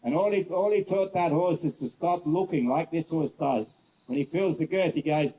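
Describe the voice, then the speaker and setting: A man horse trainer giving a casual outdoor demonstration, telling stories bluntly and coaxing a horse softly. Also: a little high, moderate pace, a little hiss or hum, rough recording. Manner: casual, rambling, blunt storyteller; soft coaxing talk to the horse. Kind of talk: demonstration lesson with storytelling.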